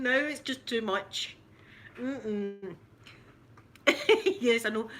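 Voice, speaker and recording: A middle-aged Scottish woman chats to her live viewers in a rambling, giggly way, often restarting her sentences. Her voice is bright and forward, with a faint hum of background noise under it. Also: on the high side, animated, slow pace, pauses often. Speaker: ASMR livestream host. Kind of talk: casual live chat with viewers.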